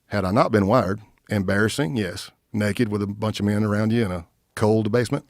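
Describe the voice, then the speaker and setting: Low-voiced man telling a tense story. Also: fairly quick, no echo, clean studio sound. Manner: animated storyteller, acts out quotes. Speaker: guest, retired FBI agent. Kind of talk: casual storytelling in podcast interview.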